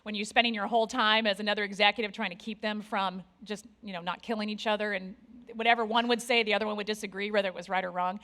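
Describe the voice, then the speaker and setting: A woman in her forties speaks from a conference stage with a bright, clear tone. She talks candidly and pokes fun at herself. She tosses lively asides to the crowd at a mid-range pitch. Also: fast, hardly any pauses. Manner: candid, self-deprecating, lively with asides to the audience. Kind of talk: motivational conference talk. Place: conference stage before an audience.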